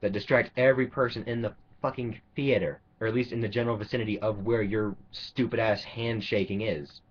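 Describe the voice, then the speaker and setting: Profane ranting man, husky voice. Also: fairly low pitch, fairly even intonation, a little fast. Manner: angry, profane, sarcastic, rambling. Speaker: vlogger. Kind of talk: ranting monologue. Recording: dull lo-fi recording.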